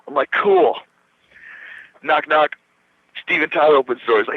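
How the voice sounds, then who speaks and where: Animated male storyteller on dull radio. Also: a little high, fast, pauses often, no echo. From Minnesota. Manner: animated storyteller, acts out quoted voices, swears casually. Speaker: guitarist guest. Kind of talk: casual storytelling interview. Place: radio studio. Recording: dull dry radio recording.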